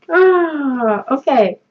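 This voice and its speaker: Woman vlogger, crafting host, high and unhurried, excitable, dull home audio. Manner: gushing, emotional, laughs often. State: tearful, choked up. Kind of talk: casual unboxing vlog.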